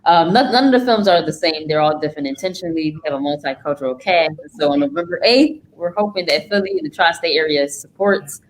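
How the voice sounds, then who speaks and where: Animated woman guest, lower voice. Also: quick pace, few pauses, rough recording. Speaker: guest filmmaker. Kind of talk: casual chat. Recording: faint background noise.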